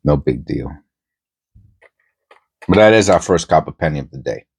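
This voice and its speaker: Man, New York accent, middle-aged, extremely low voice, rambling casual chat, lots of ums and pauses. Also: lively intonation, gravelly, slightly rough. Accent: New York, softened toward Pennsylvania. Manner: unhurried, meandering, many filler pauses. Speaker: coin roll hunting host. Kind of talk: casual rambling chat while searching coins.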